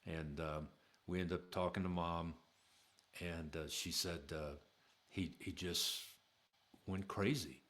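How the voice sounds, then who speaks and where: A middle-aged man telling a personal story in a casual, halting way, with many fillers and restarts. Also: deep voice, steady tone, fairly bright tone.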